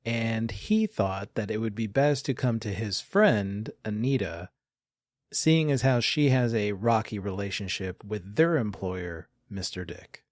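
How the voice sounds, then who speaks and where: Casting: a male game master narrating an audio tabletop game, low and dry, relaxed descriptive delivery. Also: no echo. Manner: descriptive, unhurried, with fillers.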